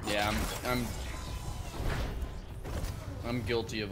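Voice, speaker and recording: A man's voice: mid-range voice, steady tone, a little slow, pauses often, a bit bright, slight background noise. A man streaming a video game live, chatting casually with viewers and swearing freely as he plays. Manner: swears freely, chats with viewers while playing. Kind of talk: casual live gaming commentary. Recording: game music clearly behind the voice. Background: game music.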